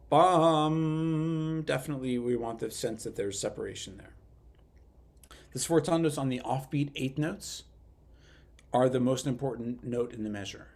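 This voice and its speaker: A man leading a youth orchestra rehearsal, explaining phrasing and singing rhythms on nonsense syllables, with relaxed, hesitant phrasing full of fillers. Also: medium pitch, creaky, slightly rough. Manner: sings rhythms with syllables to demonstrate. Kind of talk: rehearsal instruction. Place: online rehearsal.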